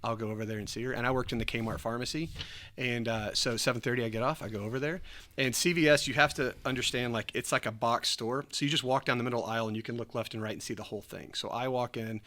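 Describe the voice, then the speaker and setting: A man telling a story in a casual chat, animated, laughing often and acting out what people said. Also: medium pitch, quick pace. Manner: animated, acts out quoted voices, laughs often. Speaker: church podcast host.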